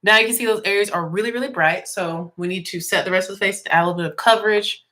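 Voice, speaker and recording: A woman's voice: medium pitch, fast talker, sharp tone, slight background noise. A young woman with a slightly congested voice, chatting casually through a makeup tutorial and explaining each step as she works. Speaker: music teacher and beauty vlogger.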